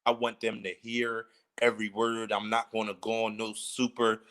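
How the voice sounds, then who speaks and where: A low-pitched man chats casually as a guest musician, easygoing and reflective. He talks slowly through his thoughts, with relaxed filler between ideas. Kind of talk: casual chat.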